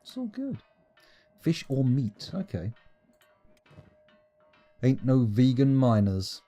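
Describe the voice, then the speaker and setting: Playful rambling streamer. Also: male voice, medium pitch, sing-song, slow pace, dark tone, soft background music. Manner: playful, rambling, self-mocking. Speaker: game streamer. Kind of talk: live gameplay commentary.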